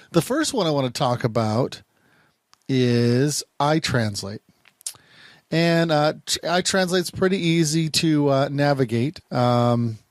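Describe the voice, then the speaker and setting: A man's voice: mid-range voice, darkish tone, no echo. A man working as a private investigator, casually reviewing phone apps in a rambling way, often repeating words and restarting sentences. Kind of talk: casual talking-head app review.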